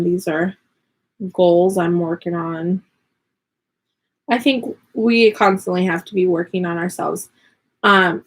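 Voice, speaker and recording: Woman, thirties, casual live chat, rambling, giggly, filler-heavy, at home. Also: medium pitch. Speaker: vlogger and online teacher.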